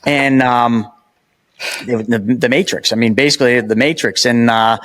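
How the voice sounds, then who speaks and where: A man appearing as a podcast guest, telling animated stories and making emphatic points in casual conversation. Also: mid-range voice, normal speed. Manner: animated storyteller, emphatic and preachy.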